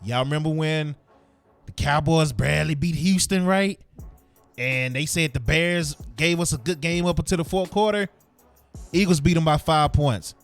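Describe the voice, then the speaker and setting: A man's voice: fairly high pitch, moderate pace, dry recording, soft background music. A man hosting a sports podcast, ranting heatedly in casual slang. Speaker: podcast host.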